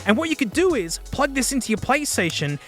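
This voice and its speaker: A man's voice: very high voice, fairly quick, soft background music. Chatty Australian man reviewing headphones. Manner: chatty, slangy, excitable. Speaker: tech reviewer.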